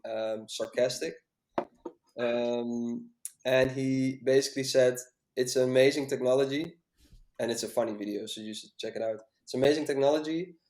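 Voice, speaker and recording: A man's voice: mid-range voice, a little mellow, roomy sound. A man chatting casually on a podcast as a music coach, hesitant and full of fillers.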